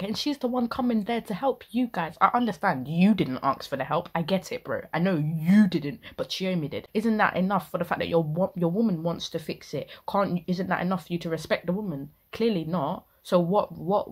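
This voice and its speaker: A woman's voice: lowish voice, husky. A young woman ranting indignantly in casual reaction commentary, full of slang. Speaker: reaction video host.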